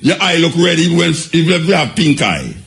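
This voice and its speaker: An older man with a Jamaican accent, telling his life story in an animated, repetitive way in casual patois. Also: fairly high pitch, fast talker, gravelly.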